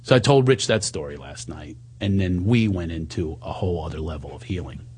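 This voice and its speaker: Husky man telling a candid story. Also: low voice, expressive, fairly quick, darkish tone.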